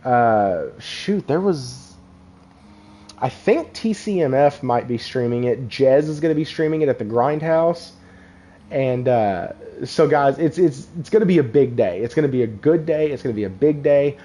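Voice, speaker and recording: A man's voice: medium pitch, animated, moderate pace, mellow. A young man hosts a casual live stream, rambling and laughing as he talks to viewers in the chat. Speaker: podcast host.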